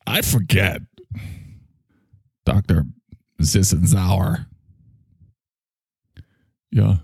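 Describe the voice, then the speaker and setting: Forgetful pompous doctor, low drawl, gravelly, played by a man. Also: drawn-out words, darkish tone, no echo, studio quality, exaggerated voice. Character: slow pompous male doctor character, forgetful.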